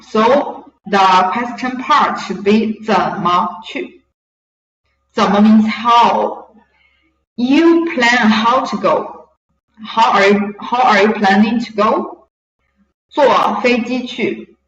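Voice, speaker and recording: Slow, patient woman teacher. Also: a little high, fairly bright tone. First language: Mandarin Chinese. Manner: slow, patient explaining, switching between English and Mandarin. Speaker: Chinese teacher. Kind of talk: language lesson explanation. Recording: echoey, distant, dull lo-fi room recording.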